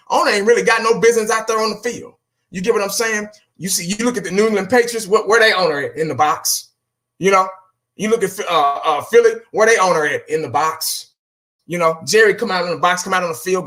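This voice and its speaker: Brief: male channel host, high bright voice, blunt and profane, talks right at viewers. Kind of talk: casual solo rant.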